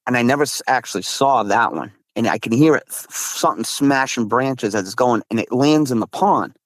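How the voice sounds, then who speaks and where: A man from Massachusetts, a guest recounting his encounters in casual storytelling, excitable, with frequent restarts and slang. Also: mid-range voice, normal speed, no room sound. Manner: excitable, swears, says dude a lot, frequent restarts.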